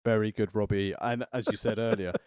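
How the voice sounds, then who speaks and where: Measured man co-hosting a wrestling podcast. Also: lowish voice, steady tone, a little mellow, clean tone, no room sound. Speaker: podcast co-host. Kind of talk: casual wrestling recap chat.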